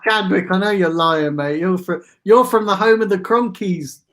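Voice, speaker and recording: A man's voice: sits high, fairly bright tone. A man hosting a casual livestream, chatting with viewers and reading out their comments with easy banter. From England. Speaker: fan channel host.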